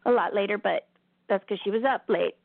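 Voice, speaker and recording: A woman's voice: mid-range voice, a little fast, vocal fry, no echo. A woman hosting a spiritual talk show, telling a story in a casual way and laughing often as she talks. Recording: tinny phone-line sound.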